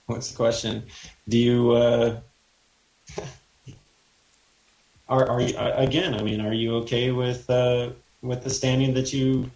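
A man speaking as a guest on a talk radio show, halting and hesitant, often starting over mid-sentence. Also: mid-range voice, flat delivery, darkish tone, roomy sound, rough recording. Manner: halting, hesitant, many restarts. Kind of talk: casual talk radio conversation.

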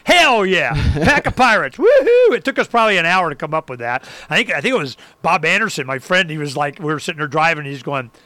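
A man's voice: a little high, fast, few pauses, no room sound. A man telling stories in casual political talk, acting out other people's lines and whooping now and then. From Arizona. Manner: animated storyteller, acts out others and whoops.

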